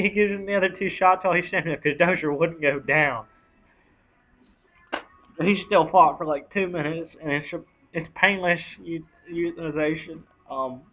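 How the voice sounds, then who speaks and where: A young man telling a personal story on a home video, choked up and near tears, talking in halting bursts with sighs and restarts. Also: a little high. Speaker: vlogger. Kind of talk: emotional personal account. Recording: dull lo-fi home video audio.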